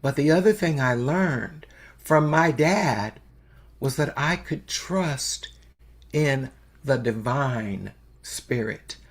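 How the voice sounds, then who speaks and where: Older lady telling a story in a sermon, super slow, gravelly tone. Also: extremely low pitch, expressive. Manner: slow storytelling with long pauses. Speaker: spiritual speaker.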